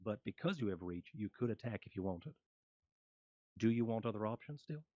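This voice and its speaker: A man running a tabletop fantasy game as game master, describing the scene in halting narration full of fillers. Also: fairly low pitch, expressive, mellow, no echo, highs cut off.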